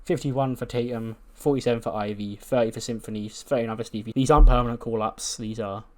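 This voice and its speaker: A man's voice: mid-range voice, steady tone, fast talker, darkish tone. A man casually narrating a wrestling booking game, chatty and laughing often. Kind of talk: casual let's-play narration.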